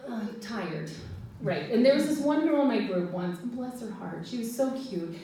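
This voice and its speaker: A woman in her forties with an American accent, telling stand-up stories in a chatty, giggly way and acting out quotes in high voices. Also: animated, moderate pace, dark tone, slight background noise. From United States. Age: 40s. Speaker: stand-up comedian. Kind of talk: stand-up storytelling. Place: live room with audience. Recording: distant mic in echoey room.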